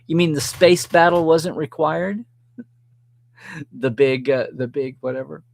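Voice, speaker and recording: A middle-aged man hosting a live stream, reading viewer comments aloud and reacting in a chatty, animated way. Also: a little high, measured pace, creaky, no echo.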